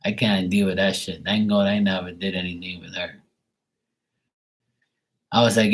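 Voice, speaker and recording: Blunt, profane man with a low husky voice. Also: flat delivery, moderate pace, long pauses, poor audio. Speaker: livestream host. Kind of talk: casual storytelling livestream.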